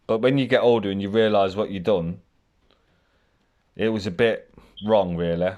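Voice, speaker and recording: A man telling his life story in a candid, rambling way, swearing freely. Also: lowish voice. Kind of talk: casual storytelling.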